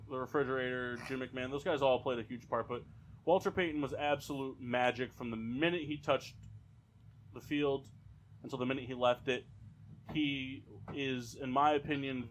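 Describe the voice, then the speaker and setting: A man's voice: mid-range voice, slight background noise, low-quality recording. Opinionated man in casual sports chat. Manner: opinionated, many fillers and restarts. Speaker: podcast co-host.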